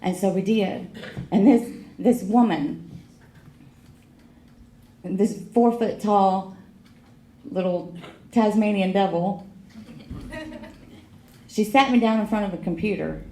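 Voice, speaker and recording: A woman's voice: medium pitch, slow pace, pauses often, mellow. A middle-aged woman sharing her recovery story at a meeting, frank and wry, with emotional emphasis. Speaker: AA speaker. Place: meeting hall. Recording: echoey meeting room.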